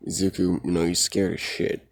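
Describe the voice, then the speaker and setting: A man's voice: deep voice, flat delivery, moderate pace. A man casually retelling a fan story in a rambling, profane way, full of fillers.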